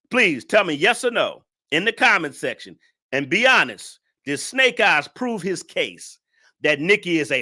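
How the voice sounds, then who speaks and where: Animated, bright-voiced man hosting a live stream. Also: sits high. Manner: mocking, laughs often, talks to chat. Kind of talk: casual live-stream reaction chat.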